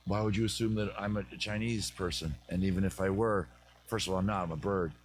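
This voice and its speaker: A prickly, self-important male blue jay who speaks like a wise elder and takes offense at everything, as a man puts him on. The voice sits on the low side and is recorded outdoors in a backyard. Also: steady tone, fairly quick, a little hiss or hum, lightly acted. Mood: offended. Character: indignant talking male blue jay father.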